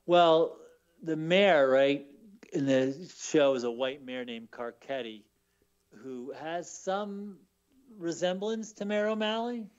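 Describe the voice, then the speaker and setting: A man's voice: a little high, lively intonation, takes it slowly, clean tone. Man, author guest, rambling storyteller, repeats words, dull lo-fi sound. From Baltimore. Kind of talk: casual radio interview storytelling.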